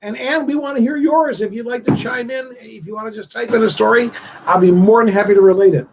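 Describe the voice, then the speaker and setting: A man hosting a casual live-stream chat show, rambling and emotional with many halting restarts. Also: very high voice, a crowd in the background, low-quality recording. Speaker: host of a live online talk show.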